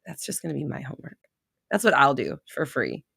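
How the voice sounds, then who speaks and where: Young woman livestreaming, low voice, chatty and laughy, dry close sound. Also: wildly swooping pitch, brisk, vocal fry, sharp tone, slightly rough, no echo. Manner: chatty, laughs often, reads viewer comments aloud. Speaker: livestream host. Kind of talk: casual live stream chat.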